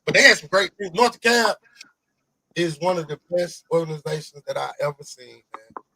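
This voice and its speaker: A man hosting a podcast interview, talking in an animated, rambling way, swearing often and repeating himself. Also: a little high, moderate pace, husky, no echo, rough recording. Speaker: podcast host. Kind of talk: casual interview chat.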